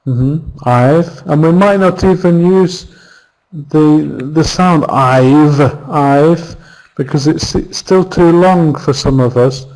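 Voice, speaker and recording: Man as a patient tutor, very unhurried delivery, drawn-out examples. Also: a little high, a little mellow, low-quality recording. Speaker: English pronunciation teacher. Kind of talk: online class lesson.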